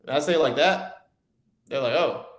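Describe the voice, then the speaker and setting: A man's voice: fairly high pitch, normal speed. A man co-hosting a casual real estate talk show, laid-back and slangy, laughing easily as he talks. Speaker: co-host. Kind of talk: casual podcast chat. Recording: roomy echo.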